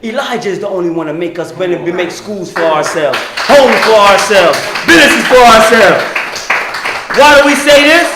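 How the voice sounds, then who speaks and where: A man preaching a sermon, often shouting and asking the crowd "is that right?" to get answers. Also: sits high, animated, moderate pace, roomy sound, background noise. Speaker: minister.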